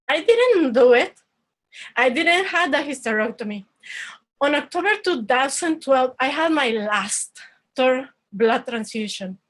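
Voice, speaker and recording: A woman. Her voice sits high, and she talks earnestly, stopping and restarting as she goes. She is heard over an online call. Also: rough recording. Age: 40s. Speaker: storyteller. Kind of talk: personal storytelling performance. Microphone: online video call.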